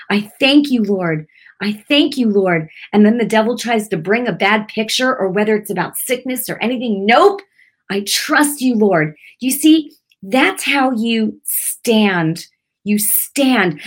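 A middle-aged woman teaching prayer in an earnest, conversational way, repeating herself and using many fillers. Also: mid-range voice. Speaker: Christian teacher. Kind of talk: informal devotional teaching.

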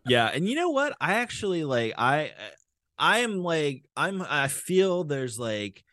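A man hosting a podcast in casual chat, animated and full of fillers and swearing. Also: fairly high pitch, unhurried, dry recording, studio quality. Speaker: podcast host.

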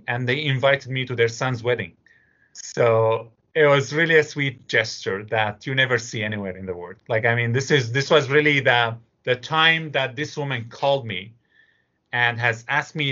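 Syrian guy with an accent telling stories in an interview, bright voice, kinda lo-fi sound. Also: mid-range voice. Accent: Syrian Arabic. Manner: animated storyteller, acts out voices in anecdotes. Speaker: interview guest, immigrant business owner. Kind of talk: storytelling interview answers.

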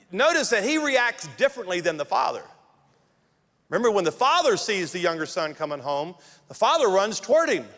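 A man preaching a sermon as pastor, emphatic, with dramatic pauses and acted-out quotes. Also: high-pitched, a bit bright, big-room sound.

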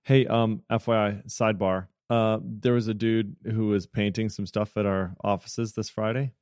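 An American man chats loosely on a podcast and strings his thoughts together with plenty of filler. His voice sits a little low. The recording is dry and close. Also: fairly even intonation, moderate pace, a little mellow, clean tone, no room sound. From United States. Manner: chatty, rambling, many filler "like"s. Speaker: podcast co-host. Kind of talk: casual podcast chat.

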